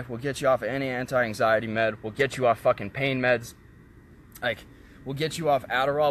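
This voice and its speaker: A man in a casual, blunt rant to camera, swearing often and turning loud when heated. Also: medium pitch, a little hiss or hum. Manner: profane, blunt, frequent swearing. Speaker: vlogger selling kratom.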